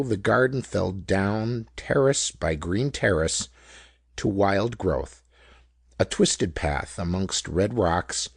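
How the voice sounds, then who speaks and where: Male audiobook narrator, lively intonation, husky texture. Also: lowish voice, no echo, clean studio sound. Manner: measured, descriptive reading. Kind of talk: scripted narration.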